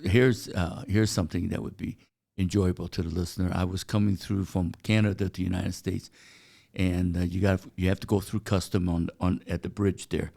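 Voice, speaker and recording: An older man, a native Chinese speaker who grew up in China, telling stories as a guest in a casual interview. He talks in a halting way, with many "uh" fillers. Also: low-pitched, level tone, gravelly, mellow. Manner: halting, anecdotal, frequent "uh" fillers.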